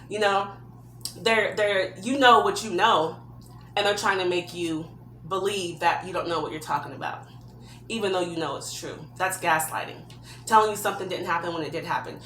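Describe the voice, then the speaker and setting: A woman's voice: fairly low pitch, a little fast, a bit bright, roomy sound, a little hiss or hum. A woman giving earnest, heartfelt advice from her own experience in a personal vlog. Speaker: vlogger.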